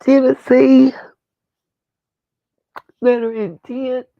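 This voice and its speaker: A woman's voice: high voice, level tone, extremely slow, no echo, dull audio. A woman hosting a livestream, talking bluntly and profanely in a rambling rant from home. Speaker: livestream host. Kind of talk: casual livestream talk.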